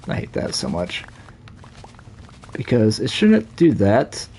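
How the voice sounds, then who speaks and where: Slow-talking Southern US man streaming. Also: lowish voice, wildly swooping pitch, vocal fry, mellow, slight background noise. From Southern United States. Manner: rambling, halting, many fillers. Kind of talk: casual live-stream chat while playing.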